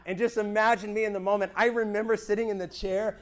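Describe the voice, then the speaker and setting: This is a fast-talking man with a high voice and a level tone, sharing his church testimony with a few listeners. He is earnest and lively, often pausing to ask if they understand him.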